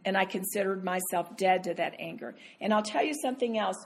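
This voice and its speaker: A woman's voice: medium pitch, fairly quick. Earnest woman teaching a sermon. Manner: earnest, acts out her own inner voice. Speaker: Bible teacher. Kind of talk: conversational sermon.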